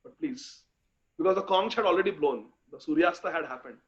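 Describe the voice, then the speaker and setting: A man giving a devotional scripture lecture, chanting verses slowly and speaking with fervent emphasis. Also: fairly high pitch. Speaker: speaker in a scripture class series. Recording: dull lo-fi recording.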